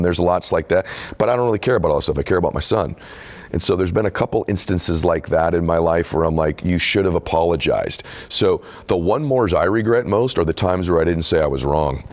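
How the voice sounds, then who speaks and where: A man's voice: deep voice, a little mellow. A middle-aged man in a candid interview, telling a personal story in an earnest, confessional way. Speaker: podcast host and author being interviewed.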